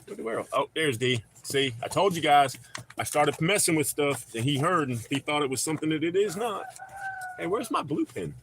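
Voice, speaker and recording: A man with a North Carolina accent chats loosely on a home livestream, his pitch swinging all over and his tone bright and forceful. He rambles, jokes and swears freely. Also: expressive, normal speed, a little hiss or hum. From not from North Carolina. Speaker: livestream host. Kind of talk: casual livestream chat. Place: home with dogs.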